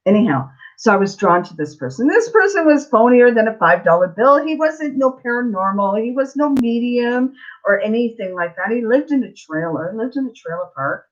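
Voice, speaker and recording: A woman's voice: fairly high pitch, sing-song, moderate pace. A middle-aged woman, a psychic tarot reader telling a story in a blunt, chatty, digressive way on a live Q&A stream. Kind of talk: casual storytelling on a livestream. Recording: slightly dull lo-fi audio.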